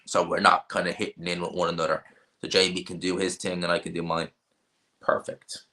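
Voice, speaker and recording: A man with a North Dublin accent chats casually on a livestream and answers viewers' questions. His voice sits low but has a bright, forceful edge. He gives blunt, offhand opinions and often restarts his sentences. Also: little pitch movement, a little fast. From Ireland. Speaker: livestream host.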